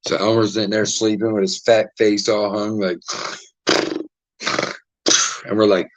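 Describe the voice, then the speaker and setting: Profane, animated male podcast host. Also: lowish voice, measured pace, muffled recording. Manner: profane, animated, acts out quoted voices. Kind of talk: casual storytelling chat.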